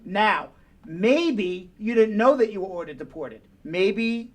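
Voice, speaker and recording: A man's voice: sits high, animated, slow pace. A man co-hosting a live radio advice show as an immigration lawyer, talking bluntly and with emphasis, often away from his studio mic. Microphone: studio mic, often spoken away from.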